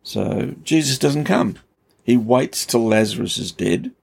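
A man who is a pastor explains scripture conversationally, earnest and emphatic, his storytelling rising in intensity. His voice is medium-pitched, gravelly with a breathy edge, and a little slow.

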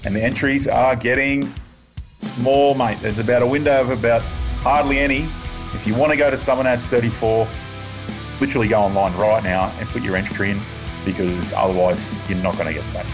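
A man's voice: mid-range voice, steady tone, a little fast, music in the background. A man with an Australian accent hosting a casual podcast, laid-back and matey. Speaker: podcast host.

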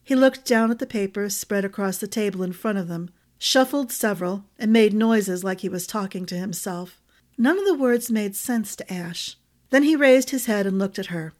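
Woman storyteller; steady, expressive fantasy narration. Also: mid-range voice, moderate pace. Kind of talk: audiobook narration.

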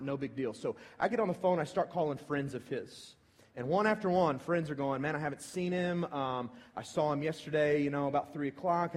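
A man, a pastor giving a sermon as a personal story, moving between hushed and emphatic delivery. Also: a little high. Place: large church hall. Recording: long reverb of a large hall.

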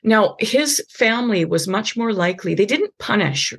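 Earnest woman with a gravelly, husky low voice. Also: lively intonation, normal speed. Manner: earnest, many restarts and tag questions. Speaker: podcast host. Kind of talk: conversational advice on faith and parenting.

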